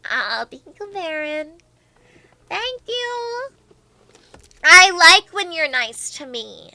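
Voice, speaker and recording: A woman's voice: sits high, lively intonation, slow, bright, forceful tone, a little hiss or hum. A young woman streamer chatting casually and reading out viewer comments, bubbly and playfully teasing.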